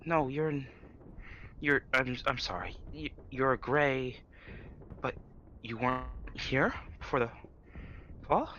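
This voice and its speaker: A man voicing a wary survivor villager who asks hesitant, stammering questions in a quiet voice. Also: mid-range voice, lively intonation, takes it slowly, long pauses, muffled recording, a little hiss or hum.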